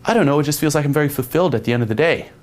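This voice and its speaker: Quick role-play bit: a friendly young nurse making small talk, put on by a man. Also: fairly high pitch, voice pushed up, natural voice. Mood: breezy.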